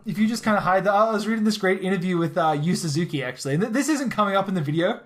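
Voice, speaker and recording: An Australian man with a voice pitched a little higher than most men. He co-hosts a casual podcast chat, talking quickly and eagerly and often restarting his sentences as his thoughts run ahead. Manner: quick, excitable, with many restarts. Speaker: podcast co-host.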